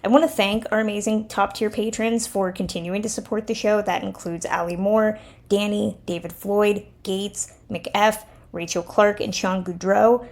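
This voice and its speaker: A woman's voice: medium pitch, vocal fry. A woman hosting a podcast, reading an upbeat outro with announcements and thanks. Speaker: podcast host.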